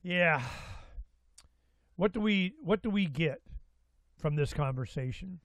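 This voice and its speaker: A fairly high-voiced man holds forth as the show's host, excitable and rambling, circling back and restarting his thoughts. The sound is dry and close, with no room around it. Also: takes it slowly, long pauses, no echo, low-quality recording. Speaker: radio show host. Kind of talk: casual talk-show monologue.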